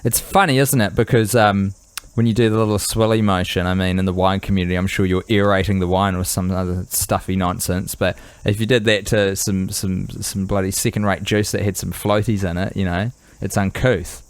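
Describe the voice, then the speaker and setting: A man's voice: low-pitched, level tone, brisk, clear, resonant tone, no room sound. A man co-hosting a comedy podcast who plays a wry, playful interviewer. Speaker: podcast co-host.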